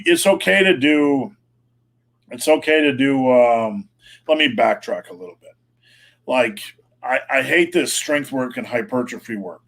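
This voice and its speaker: Blunt middle-aged man coaching on a livestream. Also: medium pitch. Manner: blunt, frank, plain-spoken. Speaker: fitness coach answering viewer questions. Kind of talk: casual live-stream Q&A.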